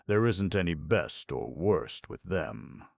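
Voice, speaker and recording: A man reading an audiobook as narrator, in slow, measured scripted narration. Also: low voice, lively intonation, creaky, no room sound, studio quality.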